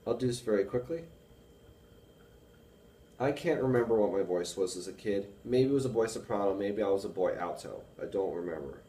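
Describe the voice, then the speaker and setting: A young man with a baritone voice, rambling casually to camera with many fillers about reading and analyzing music. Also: expressive, a little fast, dark tone, recorded from a distance, a little hiss or hum. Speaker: music student vlogger. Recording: echoey room with faint music.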